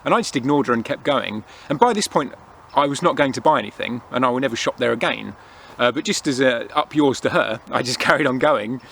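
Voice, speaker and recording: Young male vlogger, chatty storyteller outdoors, mid-pitched voice. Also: a bit bright, a little hiss or hum. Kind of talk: casual chat. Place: woods outdoors at a winter camp.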